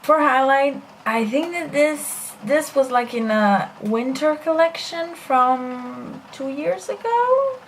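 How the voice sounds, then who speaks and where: A woman's voice: high voice, slow pace, hardly any pauses, slight background noise. Chatty young woman doing a makeup tutorial. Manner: chatty, self-deprecating, many fillers. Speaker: beauty vlogger. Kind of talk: casual makeup tutorial chat.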